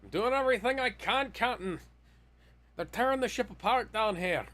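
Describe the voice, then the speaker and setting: A man putting on a rough Scottish accent to voice a harried male starship engineer who shouts and swears. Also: sits high, expressive, moderate pace, pitched above the performer's own voice. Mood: frantic. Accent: put-on Scottish. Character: frantic male starship engineer with a thick brogue.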